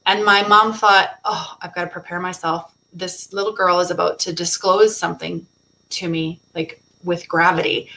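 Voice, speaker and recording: A woman co-hosting a live online summit, telling a heartfelt story in an expressive, conversational way over a video call. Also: mid-range voice, low-quality recording. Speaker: co-host. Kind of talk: casual chat.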